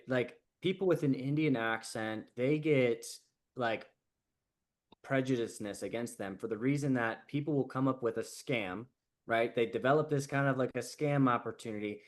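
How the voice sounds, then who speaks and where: Casual male coach who says "like" a lot. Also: mid-range voice. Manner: casual, lots of "like" and "right?", animated quoted asides. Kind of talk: casual group coaching call.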